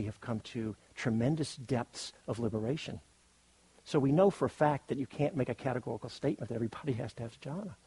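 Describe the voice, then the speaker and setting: A man's voice: mid-range voice, dark tone, husky, dry recording, poor audio. A man teaching at a meditation retreat, giving a thoughtful dharma talk and rephrasing his ideas as he goes.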